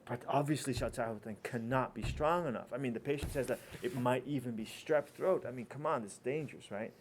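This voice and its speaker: A man lecturing a class in a loose, conversational way, walking through a story and slipping into the voices of a worried doctor and a complaining patient. His pitch sits in an ordinary middle range, with a faint hiss of noise underneath. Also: brisk. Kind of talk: teaching lecture with anecdotes.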